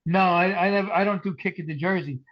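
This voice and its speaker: A man's voice: high voice, quick pace. A middle-aged man and comedian telling stories in casual chat, acting out the people he quotes. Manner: animated storyteller, acts out quotes. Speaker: comedian and podcast regular. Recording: dull lo-fi sound.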